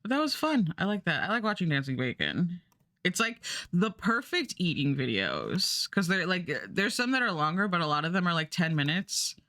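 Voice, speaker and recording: Bright, chatty streamer woman. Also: on the low side, very animated, normal speed, no room sound. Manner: rambling, many fillers and restarts. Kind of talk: casual livestream chat.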